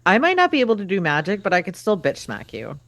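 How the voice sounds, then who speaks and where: A woman's voice: medium pitch, huge pitch swings, fast talker, a bit bright, no room sound. A woman playing a tabletop role-play game, eager and jokey. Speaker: player.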